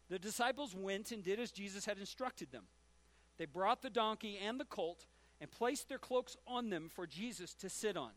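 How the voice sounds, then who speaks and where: A man's voice: high voice, lively intonation, normal speed. A man preaching a sermon as a pastor, retelling scripture stories and acting out the quoted lines. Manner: storytelling, acts out shouted quotes.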